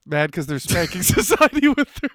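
A man co-hosting a podcast in casual banter, loud and mocking, often yelling and laughing. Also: high voice, dry recording, studio quality. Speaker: podcast co-host.

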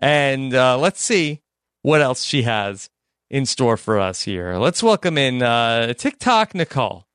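A man co-hosting a casual podcast, teasing and laughing, with drawn-out filler pauses. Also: mid-range voice, very animated, a bit bright, clear, resonant tone, no echo, studio quality. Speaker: podcast co-host.

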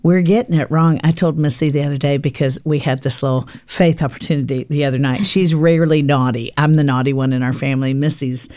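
A middle-aged woman author, a guest on a faith podcast, talks fast in a low-pitched, fairly even voice with hardly any pauses, recorded dry in studio quality. In warm, casual chat she tells family stories, acting out the dialogue with her daughter.

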